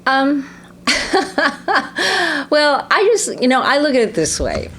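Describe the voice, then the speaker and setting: A woman's voice: sits high, slow pace, slight background noise. A woman in her sixties from the United States, an actress giving an interview and telling stories animatedly, laughing often and acting out what people said. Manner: animated storyteller, laughs often, acts out quotes. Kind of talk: casual interview conversation.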